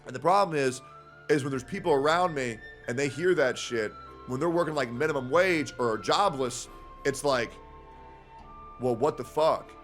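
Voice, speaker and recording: A young man streaming in casual chat, animated and swearing freely. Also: medium pitch, normal speed, soft background music. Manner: animated, swearing, jumps into impressions.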